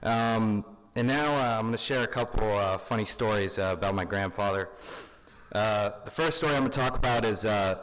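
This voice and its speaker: A man's voice: on the low side, normal speed, a bit bright, clean tone. A young man speaking at his grandfather's funeral, informal and full of fillers. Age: young adult. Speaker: grandson giving a eulogy. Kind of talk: funeral eulogy. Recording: long hall reverb.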